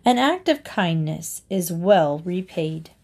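Woman, storybook narrator, slow and deliberate reading. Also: lowish voice, sing-song, a little mellow. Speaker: reader.

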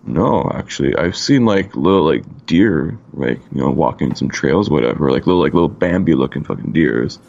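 A laid-back man from Canada co-hosts a casual podcast with a very deep, gravelly voice. He swears freely and leans on "like" between phrases. The sound is a little dull and lo-fi. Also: lively intonation, moderate pace, hardly any pauses, a little mellow. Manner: laid-back, swears a lot, lots of "like" fillers. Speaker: podcast co-host.

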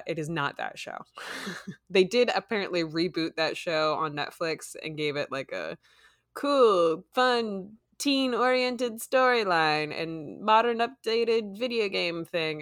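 A woman's voice: on the low side, a bit bright, dry recording, studio quality. A woman co-hosting a podcast in casual chat, talking in a chatty way full of fillers and laughing often. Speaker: podcast co-host.

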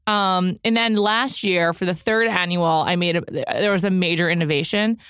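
A woman's voice: on the low side, steady tone, normal speed, a bit bright, clean tone, no room sound, clean studio sound. A woman from the United States chatting cheerfully as co-host. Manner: bubbly, cheerful. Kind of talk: casual chat.

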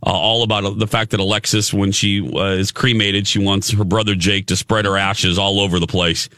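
A man hosting a morning radio show, chatting casually and in an animated way while losing his voice. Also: lowish voice, no room sound, studio quality. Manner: animated, chatty, quick to laugh. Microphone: studio microphone.

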